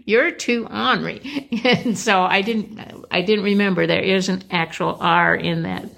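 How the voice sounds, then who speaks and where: A low, gravelly-voiced woman chatting softly. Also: fairly even intonation, unhurried. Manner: soft-spoken, agreeable, laughs often. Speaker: podcast co-host. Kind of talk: casual crossword chat.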